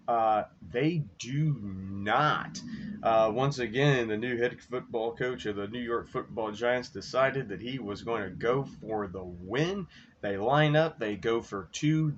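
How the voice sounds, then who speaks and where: A man hosting a sports podcast, rambling through game results and his bets in a casual, profane, excitable way. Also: medium pitch. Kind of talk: casual sports recap and betting talk. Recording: dull lo-fi recording with faint noise.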